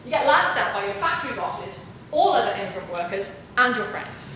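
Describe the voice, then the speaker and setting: A middle-aged woman giving a humorous, self-mocking storytelling lecture as a university lecturer, lively and acting out quoted voices. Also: mid-range voice, measured pace. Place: university auditorium. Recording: echoey auditorium with audible room noise.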